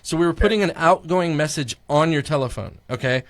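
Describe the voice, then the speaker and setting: A man in his forties hosting a podcast, chatting casually and retelling stories in a lively way. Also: on the high side, brisk. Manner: lively, acts out voices in retellings. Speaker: podcast host. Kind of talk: casual chat, animated storytelling.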